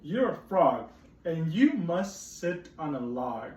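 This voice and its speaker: Bossy picture-book cat, man reading it slow and clear, mic set back in a roomy space. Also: on the high side, very animated, a little mellow. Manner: slow, deliberate read-aloud. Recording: roomy, distant, faint noise.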